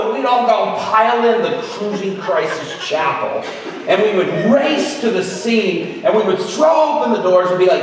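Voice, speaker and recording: A man's voice: sits high, lively intonation, moderate pace. A man telling a personal story in a sermon, acting out the people he quotes with big jumps in his voice. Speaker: preacher. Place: large hall at an event. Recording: echoey hall from far off.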